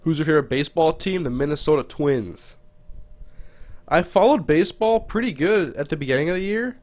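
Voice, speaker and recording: A man's voice: fairly high pitch, lively intonation, fairly quick, dull audio. A man casually commenting on a live stream, muttering to himself as he browses and reading viewers' questions aloud. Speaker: gaming livestreamer. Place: home.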